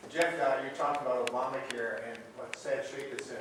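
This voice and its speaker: A man in the audience, asking a question hesitantly with many pauses. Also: medium pitch, fairly even intonation. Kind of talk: question from the floor. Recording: echoey hall, far from the mic, audible noise.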